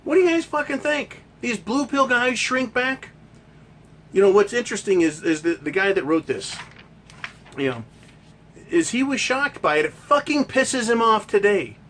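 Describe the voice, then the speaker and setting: A man's voice: high-pitched, lively intonation, moderate pace, a bit bright, slight background noise. A male podcast host delivering a profane ranting monologue full of rhetorical questions.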